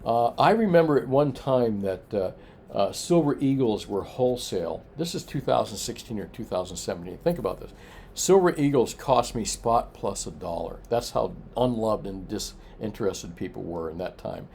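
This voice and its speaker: A man's voice: on the low side, expressive, moderate pace, gravelly, darkish tone, a little hiss or hum. A man hosting a casual evening price report from his coin shop, chatting loosely with lots of filler and answering viewer comments. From Florida. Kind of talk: casual evening livestream chat.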